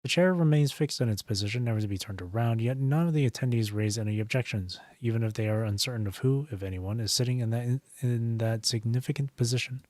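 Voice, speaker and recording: A man streaming, reading a game's story aloud in a steady narration with small slips and restarts. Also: medium pitch, quick pace, few pauses, no room sound, studio quality.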